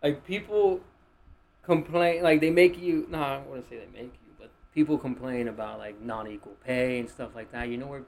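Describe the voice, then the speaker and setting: A man's voice: medium pitch, moderate pace, a little mellow, a little hiss or hum, poor audio. Rambling young man with a Miami accent. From Miami, United States. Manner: loose, rambling, heavy use of "like". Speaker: podcast guest. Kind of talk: casual podcast chat.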